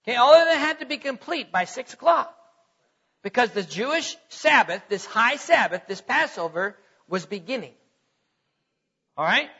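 A man's voice: very high-pitched, lively intonation, moderate pace, bright, forceful tone, breathy edge. A man preaching a teaching sermon in a conversational way, stopping often to check that the listeners follow. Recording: dull lo-fi recording.

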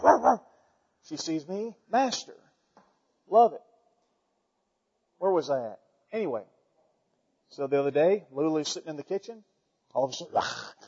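A man preaching a folksy, animated sermon to his church, swinging between loud declarations and quiet asides. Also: sits high, husky. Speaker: pastor. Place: church sanctuary. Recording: dull sound with long hall reverb.

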